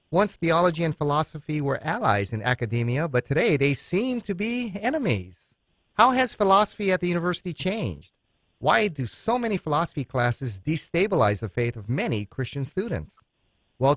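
A man's voice: on the high side, a bit bright, no echo, clean studio sound. Earnest male radio host. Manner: earnest, tells anecdotes with laughter. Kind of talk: radio interview.

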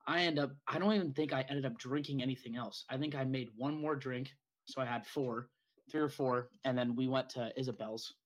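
A young man chatting loosely on a podcast, telling a long, rambling story. His voice sits at an ordinary pitch, and he swears often in a relaxed, unscripted way. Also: a little fast, poor audio. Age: young adult. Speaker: podcast co-host. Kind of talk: casual chat.

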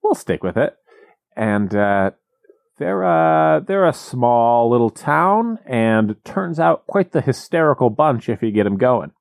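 A man co-hosting a casual comedy podcast, telling stories in a wry, animated way. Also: mid-range voice, slow pace, gravelly, no echo, studio quality. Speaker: podcast co-host.

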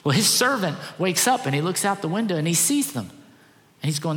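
A man's voice: high-pitched, sing-song, brisk, a bit bright. Emphatic male pastor in echoing hall. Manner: earnest, emphatic preaching with repeated phrases. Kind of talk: sermon.

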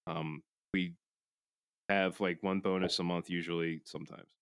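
A man's voice: low voice, level tone, moderate pace, gravelly, clean tone, no echo, studio quality. Profane man with a Philly accent. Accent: Philadelphia. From Philadelphia. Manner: loose, profane, rambling with many restarts. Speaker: podcast guest. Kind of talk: casual podcast chat.

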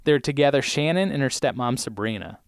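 Brief: playful male podcast host, mid-pitched, dry close sound. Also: animated, brisk, clean tone, no echo. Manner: playful, punning, acts out scenes. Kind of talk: casual episode recap.

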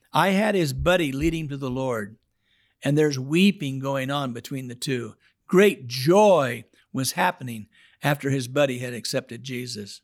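A man telling his testimony on a podcast, swinging from hushed prayer to loud, dramatic outbursts. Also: mid-range voice. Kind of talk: storytelling testimony.

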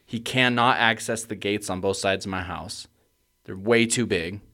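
Podcast co-host, young adult man, lowish voice, profane and animated storyteller. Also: normal speed. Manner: swears freely, gets loud and worked up when retelling panic. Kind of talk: casual storytelling chat.

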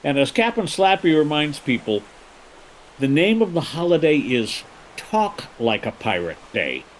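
Male interview guest, lively storyteller, fairly high and expressive. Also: a little slow, slight background noise, rough recording. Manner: animated storyteller, laughs easily. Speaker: guest, pirate holiday co-founder. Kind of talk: casual interview chat.

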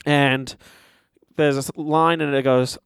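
Young man, casual storyteller, swears a lot, mid pitch, dry close mic. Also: takes it slowly, gravelly, clean tone, no echo. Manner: animated, swears often, acts out quotes. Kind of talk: casual chat, retelling a movie.

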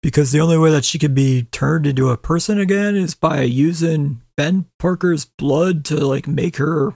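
A man's voice: on the high side, normal speed, creaky, darkish tone, dry recording, clean studio sound. A young man co-hosting a casual book review chat, ranting with heavy profanity and exasperation. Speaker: podcast co-host.

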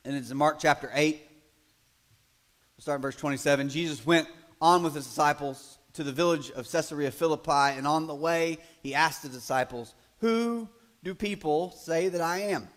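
A man preaching a sermon in a conversational way, building to loud, emphatic passages and acting out quoted voices. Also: a little high, fairly even intonation, brisk. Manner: acts out quoted voices in asides. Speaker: pastor.

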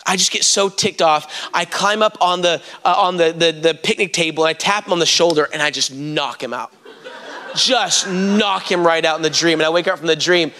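A man with a bright, forceful voice preaches a sermon in church, speaking a little higher than most men. He tells stories and calls out to the congregation directly. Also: normal speed. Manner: storytelling, addresses the congregation directly.

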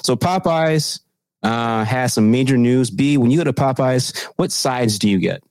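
A man co-hosting a casual podcast chat, telling stories in a profane, animated way. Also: medium pitch, unhurried, dry recording. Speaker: podcast co-host.

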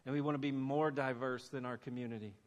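A man preaching a sermon in a church, animated and acting out the voices he quotes. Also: mid-range voice, fast talker, highs cut off. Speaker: pastor. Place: church sanctuary. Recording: long hall reverb.

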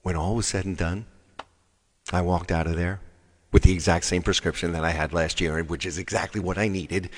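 A man's voice: low-pitched, steady tone, brisk, in a large hall. A man telling a rambling story in a casual, exasperated way.

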